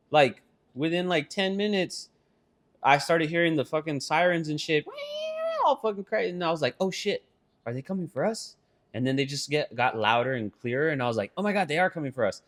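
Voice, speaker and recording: A young man with a slightly raised voice tells a story on a casual podcast. He swears freely and acts out his own reactions with animated energy. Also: on the high side. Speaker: podcast co-host.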